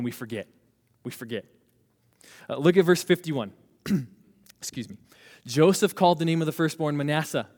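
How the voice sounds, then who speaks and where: A man preaching a sermon, leading the congregation in call-and-response and slowing down to stress key phrases. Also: on the high side. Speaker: pastor. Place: church sanctuary. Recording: reverberant hall.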